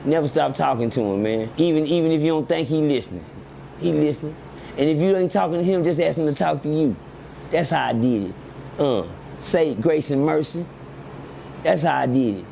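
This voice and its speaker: A middle-aged man, telling animated stories as an interview guest, laughing often and asking "you hear me". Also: a little high, moderate pace, creaky, a little hiss or hum.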